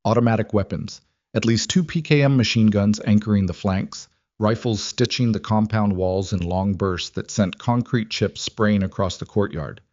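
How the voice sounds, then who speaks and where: A man narrating a military thriller story in a steady, dramatic storytelling style, in a dry, slightly muffled recording. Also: on the low side, normal speed, dry recording. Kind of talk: scripted narration.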